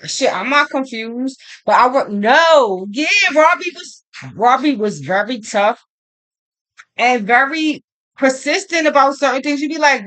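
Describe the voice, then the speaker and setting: A woman with a high, unhurried voice reads astrology and tarot and talks in a casual monologue. Her storytelling is animated, profane and rambling, and she emphatically acts out both sides of old arguments.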